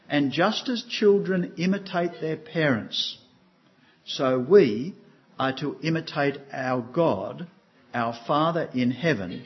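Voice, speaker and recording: Older male pastor, earnest sermon voice, mid pitch, muffled lo-fi sound. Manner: earnest, asks the congregation questions.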